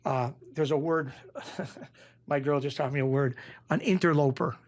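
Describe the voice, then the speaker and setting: A middle-aged man with a Western Massachusetts accent tells stories in a casual interview. He often acts out other people's lines in a raised voice. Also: normal speed. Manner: animated, acts out quoted voices in a raised pitch. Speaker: interview guest, former bookmaker.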